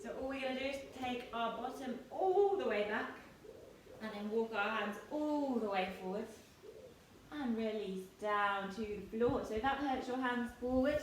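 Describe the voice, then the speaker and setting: A woman in her thirties teaching yoga to children, giving gentle, playful, encouraging instructions. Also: fairly high pitch. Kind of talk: guiding a kids' yoga class. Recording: echoey room, distant mic, faint noise.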